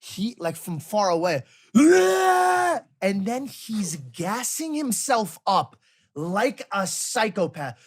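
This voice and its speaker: Husky-voiced man telling a lively story. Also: sits high, takes it slowly. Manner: lively storyteller, does impressions. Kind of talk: casual chat.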